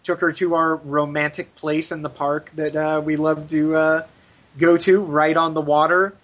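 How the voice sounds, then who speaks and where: A man co-hosting a podcast who gushes and swears freely as he talks. His voice sits a little high, and the recording sounds muffled and lo-fi. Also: little pitch movement, normal speed, a bit bright. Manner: effusive, gushing, swears freely. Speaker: podcast co-host. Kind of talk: casual chat.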